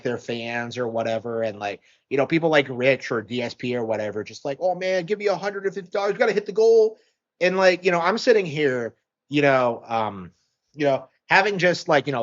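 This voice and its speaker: A man's voice: medium pitch, fairly bright tone. A man talking in a rambling, hesitant way, full of fillers and restarts, in casual commentary. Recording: muffled lo-fi audio.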